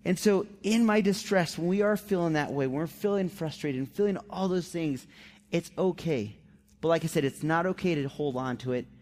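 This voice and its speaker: A man's voice: on the high side, moderate pace, a little mellow. A male pastor giving a conversational sermon, acting out the quotes of everyday people in a raised voice.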